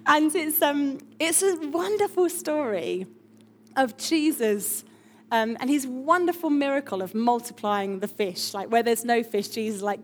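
A woman pastor preaching a lively, chatty sermon with emphatic asides. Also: high-pitched, measured pace, slight background noise.

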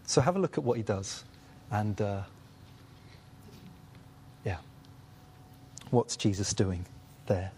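A man teaching a Bible study group in a lively way, acting out the voices of people in the story. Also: lowish voice, slow, long pauses, slight background noise.

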